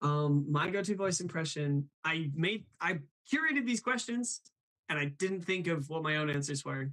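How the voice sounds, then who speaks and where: A man's voice: a little high, expressive, normal speed, fairly bright tone. A young man hosting a casual live stream, laughing often and reading chat messages aloud. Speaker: host of a live show.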